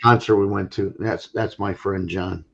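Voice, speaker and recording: A man's voice: low voice, steady tone, normal speed, vocal fry, fairly bright tone, dull audio, a little hiss or hum. A man chatting casually as a livestream guest, reminiscing in an easygoing way. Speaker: chat guest. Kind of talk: casual chat.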